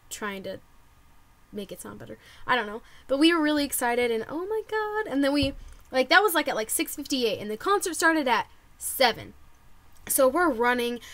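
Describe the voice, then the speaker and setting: Young girl vlogger with a high voice, chatty and excited, says like a lot. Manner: bubbly, excitable, lots of "like" and quoted reactions. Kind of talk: casual storytelling to camera.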